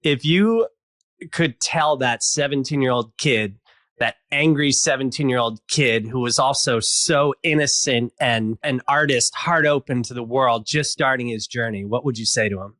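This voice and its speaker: A man's voice: medium pitch, normal speed, dry recording. A man hosting a podcast, casual and affirming toward his guest, in a dry close sound. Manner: warm, affirming, casual, occasional swearing. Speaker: podcast host. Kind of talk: conversational interview.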